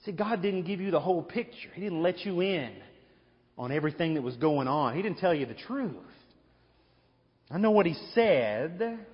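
Male preacher, higher register, emphatic sermon delivery, reverberant church hall, muffled lo-fi recording. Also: brisk, slightly rough. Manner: emphatic, repeating rhetorical questions. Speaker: pastor. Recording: echoey hall, dull lo-fi sound.

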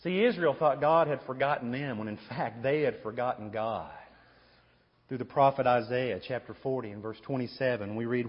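A man's voice: mid-range voice, normal speed. A male pastor preaching a sermon, emphatic and driving home points with repeated rhetorical questions, recorded in a church sanctuary. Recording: echoey hall, dull lo-fi sound.

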